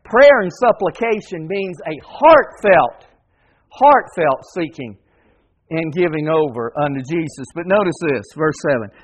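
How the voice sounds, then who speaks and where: High-voiced male preacher, emphatic and repetitive. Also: expressive, a little slow. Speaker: pastor. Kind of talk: sermon.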